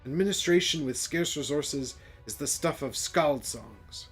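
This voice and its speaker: A man voicing a regal, busy male dwarf mayor, speaking formally in a raised, louder voice. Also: on the high side, expressive, measured pace, breathy edge, soft background music, pitched above the performer's own voice. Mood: wary, stately. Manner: formal, stately speech.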